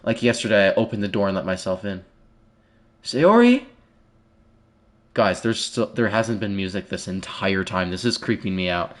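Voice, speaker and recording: A male streamer commenting live on a game and reading its text aloud. He swings from hushed, fearful muttering to loud startled outbursts and repeats short phrases again and again. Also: low-pitched, fairly even intonation, a little fast, hardly any pauses.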